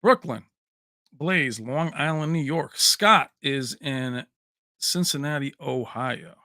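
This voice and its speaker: A man hosts a relaxed livestream, reading viewer comments aloud in a chatty, joking way. His voice sits a little high and sounds bright and forward. The sound is close and dry, with no room echo. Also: slow. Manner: chatty, reads names and places aloud, jokey. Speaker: livestream host.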